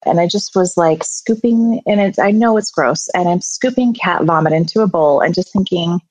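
A woman's voice: fairly low pitch, normal speed, few pauses, darkish tone, dry recording. A middle-aged woman candidly telling a personal story in an earnest, emotional way. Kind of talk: personal story told to an audience. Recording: slightly dull sound, faint music behind.

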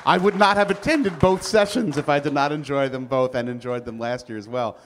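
A man's voice: mid-range voice, brisk, a little hiss or hum. A man hosting a live podcast taping, talking in a rambling, playfully teasing way. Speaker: host.

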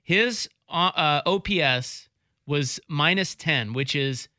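A man chats loosely about sports, spinning long stories with easy laughs. His voice sits a little high and rings bright. The sound is dry and close. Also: takes it slowly, dry recording. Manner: rambling storyteller, laughs easily. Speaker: podcast co-host. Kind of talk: casual sports chat.

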